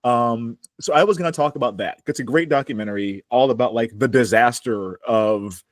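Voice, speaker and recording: A man's voice: medium pitch, normal speed, no echo. Chatty man from Chicago, dry close sound. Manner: chatty, laughs often, wry. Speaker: podcast co-host. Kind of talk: casual chat.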